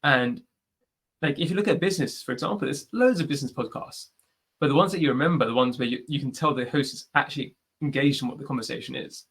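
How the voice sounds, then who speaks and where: British man, husky tone, podcast host, casual advice, video-call audio. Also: medium pitch, fast, a bit bright. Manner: chatty, advice-giving, frequent "like" and "right?". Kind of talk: live online Q&A answer.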